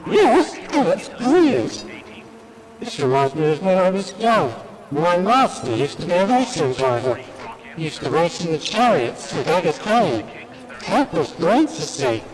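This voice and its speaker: A man impersonating a prissy complaining male droid, robot filter, animated pitch, long reverb. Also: unhurried, crowd noise. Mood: fussy. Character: fussy prim male protocol droid.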